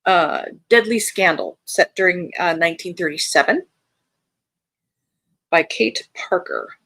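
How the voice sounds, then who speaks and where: A woman's voice: lowish voice, animated, measured pace, vocal fry, no echo. A woman hosting a live reading stream, chatting casually and reading out viewer comments with an American accent. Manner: chatty, friendly, reads chat aloud with bright lifts. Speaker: livestream host of a reading sprint.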